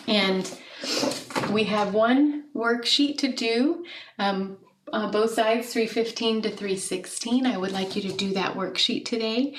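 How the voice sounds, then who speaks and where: Echoey teacher woman giving a video lesson. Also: medium pitch. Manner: friendly teacherly, asks questions and checks with "okay?". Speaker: second grade teacher. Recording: echoey room, mic at a distance.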